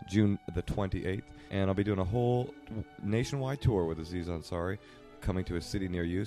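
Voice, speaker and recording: A man's voice: lowish voice, darkish tone. A man co-hosting a podcast from a hotel room, with upbeat, playful hype. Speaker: podcast co-host. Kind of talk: casual podcast banter.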